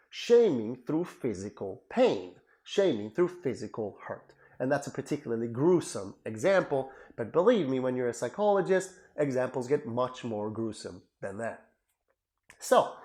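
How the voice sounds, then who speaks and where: A male psychotherapist giving an educational talk in an animated, emphatic way, repeating phrases for emphasis. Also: medium pitch. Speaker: psychotherapist and lecturer.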